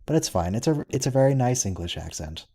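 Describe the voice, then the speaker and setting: A man with a mellow, relaxed voice comments casually during a watch-along. He muses aloud, often restarting his sentences mid-thought, in an easygoing conversational way. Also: medium pitch, fast, creaky.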